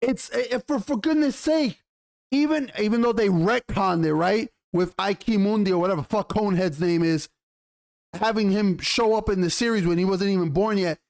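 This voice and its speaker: Exasperated male reviewer with a high voice, foul-mouthed, tripping over his words. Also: normal speed, creaky, a little mellow. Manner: exasperated, swears a lot, stumbles and restarts. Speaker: YouTube TV show reviewer. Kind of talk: profane ranting review.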